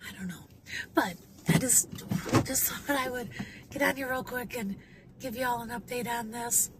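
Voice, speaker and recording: A woman in her fifties talks in a loose, rambling way, with plenty of fillers and restarts. Her voice sits high. Clear car and road noise runs behind her, as she records in her car. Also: normal speed. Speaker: vlogger. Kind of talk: casual vlog update. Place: inside a car.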